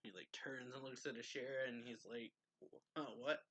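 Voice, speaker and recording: A man's voice: mid-range voice, steady tone, fairly quick, fairly bright tone, dry recording, rough recording. A man casually reviewing a manga chapter, recapping the plot in a rambling way, chuckling often and using lots of fillers.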